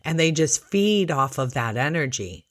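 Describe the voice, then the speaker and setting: A middle-aged woman, an ER nurse, telling a work story in a casual, animated way and acting out the other people's voices. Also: sits low, normal speed, no echo, studio quality. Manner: animated, acts out voices in quotes. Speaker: ER nurse and podcast host.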